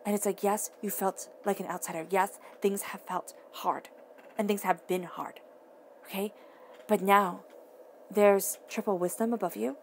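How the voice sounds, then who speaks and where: Speaking unhurriedly in a steady, medium-pitched voice, a female tarot reader gives the listener a casual reading over a slight hiss or hum. Her manner is earnest and emphatic, she talks right to the listener, and she frequently restates her phrases.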